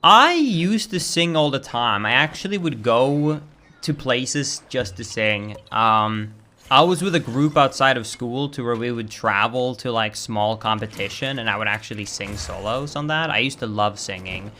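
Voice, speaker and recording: Guy talking casually on his stream, mid pitch, rambly explainer. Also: animated, moderate pace, pushed and bright. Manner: chatty, explaining in loose asides. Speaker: speedrunning streamer. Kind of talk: casual chat on a live stream.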